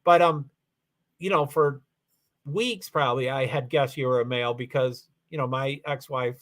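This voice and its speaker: A Louisville, Kentucky, USA man hosts a casual livestream chat, his voice medium in pitch, moderately paced and fairly bright, with a faint Southern accent. He rambles and hesitates, restarting a lot.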